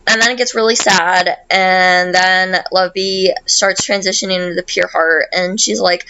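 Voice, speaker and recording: A woman's voice: fairly low pitch, fairly even intonation, moderate pace, pushed and bright, dull audio, a little hiss or hum. A woman hosting a podcast, casually recapping a video game in a rambling, profane way full of fillers. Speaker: podcast host.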